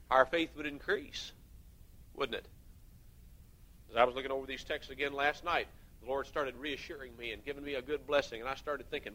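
A middle-aged man delivers a sermon in a folksy, storytelling way. His voice is bright and a touch high, and it swells into fervent emphasis on key lines. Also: a little fast, rough recording. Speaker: preacher.

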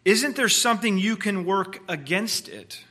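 A man puts on a pleading young girl from a storybook read aloud. The voice sits well above his own and is bright. She stumbles and restarts, anxious and hesitant. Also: high-pitched, animated, unhurried, pitched above the performer's own voice, heavily acted.

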